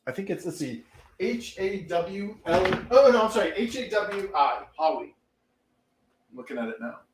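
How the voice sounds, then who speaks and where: A man's voice: high-pitched, sing-song, normal speed, background noise. A man, a comic book author, chatting casually as a guest and laughing often. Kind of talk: casual chat.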